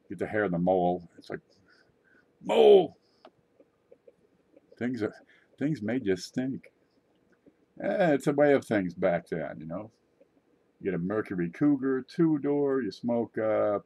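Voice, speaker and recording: Middle-aged male vlogger, low husky voice, offhand joking ramble. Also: mellow. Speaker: channel host. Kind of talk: casual rambling vlog monologue.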